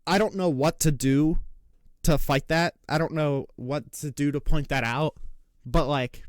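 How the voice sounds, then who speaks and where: A man's voice: on the high side, no room sound, clean studio sound. A man giving casual political reaction commentary, ranting in an exasperated way with frequent swearing. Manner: exasperated, rapid rants with profanity; mocking put-on taunts when quoting opponents. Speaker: reaction streamer.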